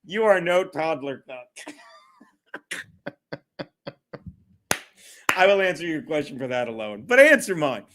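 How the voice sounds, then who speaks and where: A man's voice: a little high, very animated, normal speed, background noise. A man hosting a casual solo livestream, rambling, swearing and often breaking into laughter. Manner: profane, giggly, rambling. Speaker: livestream host.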